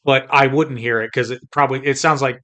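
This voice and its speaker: A man co-hosting a casual podcast, easygoing and joking, with quick interjections. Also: medium pitch, steady tone, pushed and bright. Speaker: podcast co-host.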